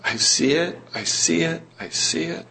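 A man delivers a sermon at an unhurried, deliberate pace, his voice somewhat husky and pitched a little high. He presses his listeners with earnest, rising questions. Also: lively intonation, bright, forceful tone. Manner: slow, earnest preaching with rising emphatic questions. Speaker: preacher. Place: church meeting room.

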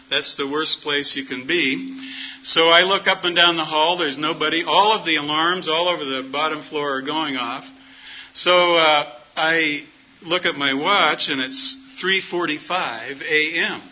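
Middle-aged male preacher, folksy storyteller, slightly high voice, dull lo-fi recording. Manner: folksy storytelling, acts out quoted dialogue. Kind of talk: sermon with personal story. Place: church meeting hall. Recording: muffled lo-fi sound.

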